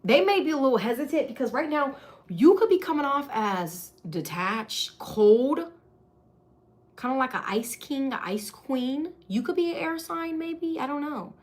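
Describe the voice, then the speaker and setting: A woman's voice: high-pitched, lively intonation, unhurried. A woman, giving a casual, chatty tarot reading to camera with lots of slang and giggling. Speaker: tarot reader.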